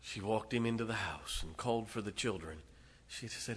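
A male preacher delivering a sermon, retelling a story dramatically with sudden loud swells and hushed drops. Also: lowish voice, moderate pace, slightly rough.

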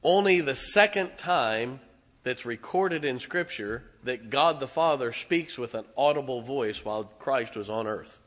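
A male pastor preaching a sermon, telling stories with emphatic, excitable delivery and calling out to his congregation. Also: medium pitch, unhurried. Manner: emphatic storytelling with audience call-outs.

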